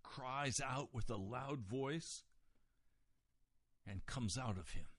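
Slow, deliberate male preacher. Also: medium pitch, a bit bright, no room sound. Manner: deliberate expository preaching, pausing on key words. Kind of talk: sermon.

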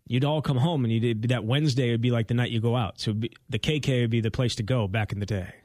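Sarcastic, animated man in his thirties. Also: mid-range voice, quick pace, no echo, clean studio sound. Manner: sarcastic, animated, talks in fillers. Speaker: radio show co-host. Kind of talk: casual sports radio chat.

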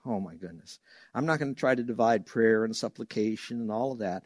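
A male pastor preaching a sermon in an animated way, acting out quoted voices and laughing now and then. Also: on the low side, fairly quick, no room sound, clean studio sound.

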